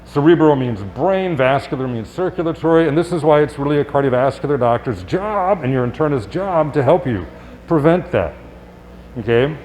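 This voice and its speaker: A man's voice: medium pitch, a little mellow. Male doctor, live talk, chatty and upbeat with rhetorical questions, mid-range voice, faint room noise behind. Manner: conversational and upbeat, with rhetorical questions and quick asides. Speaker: physician giving a health talk. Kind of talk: live presentation to an audience. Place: public event space.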